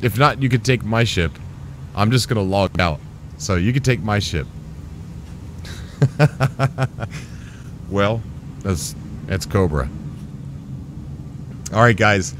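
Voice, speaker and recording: A man hosting his gaming channel, commenting on his gameplay in an excitable way, laughing often and apologizing. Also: lowish voice, a little slow, pauses often, slight background noise.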